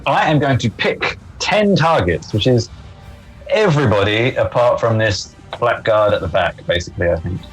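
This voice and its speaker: A man with a low voice casually explains his spell and targets as a tabletop player. Faint game music hums behind him. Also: expressive, moderate pace, rough recording.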